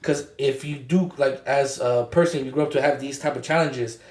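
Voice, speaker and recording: A man's voice: medium pitch, fairly even intonation, a little mellow. Young man rambling with fillers, echoey studio. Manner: halting, many fillers and restarts. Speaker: podcast co-host. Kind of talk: casual chat.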